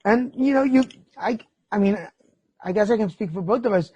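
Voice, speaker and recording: A middle-aged man hosts a casual podcast chat with a husky, breathy voice. He tells candid stories with plenty of feeling and swears freely. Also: high-pitched, normal speed, a little mellow, dry recording, lo-fi sound. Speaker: podcast host.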